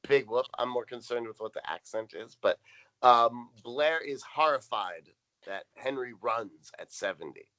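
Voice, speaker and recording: Male co-host, bright voice, casual rambling recap. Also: mid-range voice, a little slow, rough recording. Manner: rambling, reads out notes with frequent ums. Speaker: podcast co-host. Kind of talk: casual chat recapping a sitcom episode.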